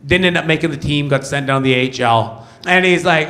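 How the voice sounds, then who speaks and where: A man from Canada performing a stand-up comedy set on stage before a live audience, telling stories and breaking into loud shouted bits. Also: on the high side, fast talker. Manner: animated, jumps into loud shouted character bits.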